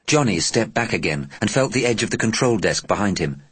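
A man narrating an audiobook with deliberate, expressive storytelling. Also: fairly low pitch, husky, dry recording.

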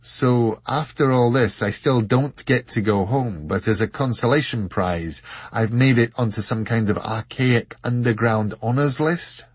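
A man's voice: mid-range voice, lively intonation, measured pace, slightly rough, dry recording, voice pushed up. A man voicing Richard, a bewildered young man who speaks in an exasperated, pleading way.

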